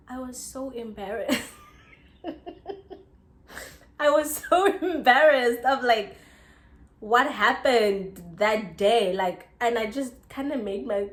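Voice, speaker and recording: Chatty South African woman in echoey room. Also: fairly high pitch. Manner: chatty and expressive, frequent "like" fillers and laughter. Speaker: YouTuber. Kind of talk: casual storytime.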